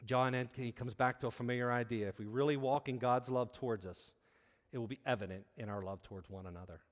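An earnest man preaches at a middle pitch, talking in a loose, conversational way and often restarting his sentences. His voice carries a long reverb from a large church hall. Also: fast talker. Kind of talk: sermon with a personal story.

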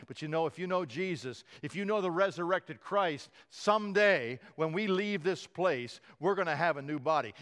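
A male pastor with a voice on the high side preaches a sermon. He tells the story with animated voices for the quoted lines and chuckles frequently.

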